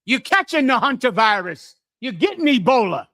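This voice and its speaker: A man's voice: very high voice, sing-song, moderate pace, bright, forceful tone. A man preaching a fiery sermon in a mocking, scolding rant.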